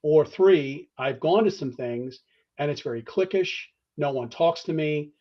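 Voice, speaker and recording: In a fairly high voice and at a slightly slow pace, an earnest man answers interview questions about fraternity membership conversationally. He restarts a lot, acts out phone calls in quotes, and checks in with "all right?". Audio is lo-fi.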